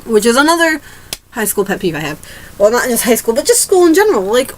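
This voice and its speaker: A woman's voice: on the high side, very animated, fast, a little hiss or hum, low-quality recording. A teenage girl ranting to camera in a rambling, casual way, restarting her sentences and swearing freely. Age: teens. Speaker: vlogger.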